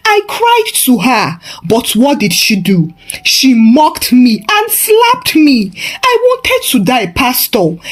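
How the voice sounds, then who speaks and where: A woman voicing a bitter vengeful son. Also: mid-range voice. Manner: cold, accusing. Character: bitter wounded young man seeking revenge.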